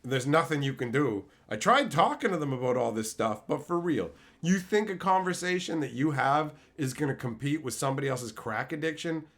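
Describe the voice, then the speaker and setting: A man in his thirties chatting casually on a live stream, telling stories and shouting out loud quotes. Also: on the high side, lively intonation, a little fast, few pauses. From Canada. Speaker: streamer opening card packs.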